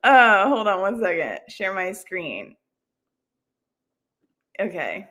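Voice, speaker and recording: This livestream host has a mid-range, sing-song voice with a sharp tone, and she talks at a slow pace. Chatting casually, she rambles, laughs a lot and pokes fun at herself.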